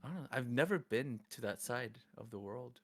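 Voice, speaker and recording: A playful man in his thirties from Los Angeles, talking as a podcast guest. His pitch bounces around a lot as he chats, and he laughs easily. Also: expressive, moderate pace, a bit bright. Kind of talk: casual chat.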